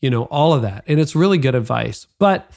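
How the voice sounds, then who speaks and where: A man's voice: mid-range voice, lively intonation, brisk, gravelly, a little mellow. A man hosting a podcast, asking long questions in a conversational way and thinking aloud as he goes. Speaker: podcast host. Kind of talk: interview questions.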